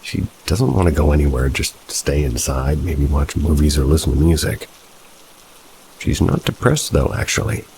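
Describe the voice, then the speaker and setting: A man narrating first-person horror stories in a low, steady, measured reading. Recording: soft rain noise behind. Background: rain.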